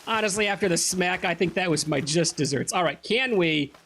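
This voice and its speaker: A man's voice: sits high, fairly quick, gravelly, a bit bright, slight background noise. A man casually commenting on his playthrough of a game, chatty and joking. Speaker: let's play gamer.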